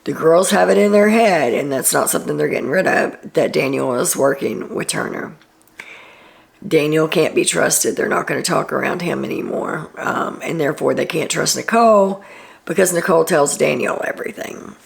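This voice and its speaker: At a moderate pace, the host runs through a casual recap in her low, creaky, gravelly voice. She's chatty and freely shares opinions, often pausing on ums and going off on asides.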